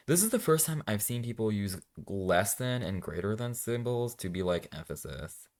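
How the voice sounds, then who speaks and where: Deep-voiced man snarking through a fanfic. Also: normal speed, hardly any pauses. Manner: sarcastic, deadpan asides between dramatic readings. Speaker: reaction video host. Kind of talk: comedic fanfic reading with commentary.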